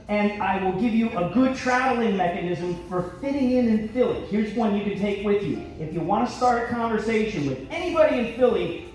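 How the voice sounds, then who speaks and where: Brash male comedian on a big stage, high voice, very reverberant hall, distant mic. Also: a little mellow. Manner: brash, switches into gruff Philly voices for bits. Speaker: stand-up comedian. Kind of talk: stand-up comedy set. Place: large theater stage with live audience.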